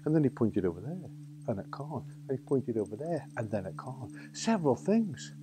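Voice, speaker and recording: A man's voice: medium pitch, sing-song, normal speed, dark tone, breathy edge. A man with a Staffordshire accent telling a children's story in a playful, theatrical way. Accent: Staffordshire English. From England. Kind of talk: oral storytelling.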